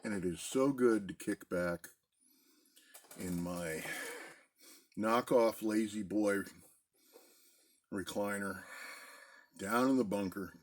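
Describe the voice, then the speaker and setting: A middle-aged man chatting casually in a relaxed, rambling way from a basement den at home. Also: on the low side, slow pace, long pauses. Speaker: pipe-smoking video host. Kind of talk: casual pipe-smoking chat.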